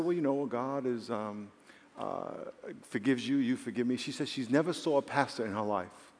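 A man's voice: medium pitch, moderate pace, darkish tone. Storytelling male pastor in a reverberant hall. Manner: storytelling, rising to emphatic preaching. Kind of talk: sermon. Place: large church hall.

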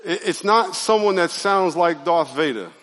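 A man preaching a sermon as pastor, conversational and animated, calling on his congregation to answer and raise their hands. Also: high voice, moderate pace, big-room sound. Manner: conversational, animated preaching with audience call-and-response. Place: church sanctuary.

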